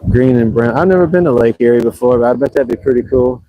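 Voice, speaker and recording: A man's voice: mid-range voice, fast talker, dry recording, lo-fi sound. A man chatting casually and rambling on a livestream from a beach, poking fun at himself. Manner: chatty, rambling and self-deprecating. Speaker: livestream host. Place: outdoors at an ocean beach.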